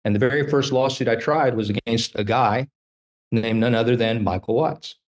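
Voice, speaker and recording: A man in his fifties, a trial lawyer telling animated stories in a casual interview and acting out the dialogue. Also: mid-range voice, normal speed.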